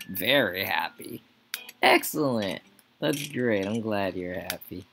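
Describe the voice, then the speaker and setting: A low-voiced man with a gravelly, fry-heavy tone drawls his way through casual gameplay commentary. He mumbles half to himself and chats to the characters in the game. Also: animated, slow pace, a bit bright, soft background music. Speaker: Let's Play gamer.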